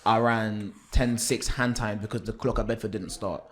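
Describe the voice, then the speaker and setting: A man's voice: lowish voice, moderate pace. A young man, a guest athlete telling stories in a casual podcast chat and acting out the quotes. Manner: animated, acts out quotes with slang.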